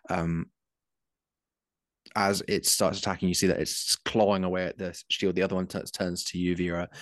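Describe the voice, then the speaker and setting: A man's voice: low-pitched, no room sound, clean studio sound. A man narrating as game master of a tabletop game, describing scenes with frequent ums.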